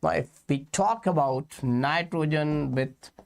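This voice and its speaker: Slow, repetitive Indian-accented chemistry teacher. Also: male voice, fairly high pitch, gravelly. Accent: Indian English. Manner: slow, repetitive explaining, addressing students as kids. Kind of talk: exam-prep lecture.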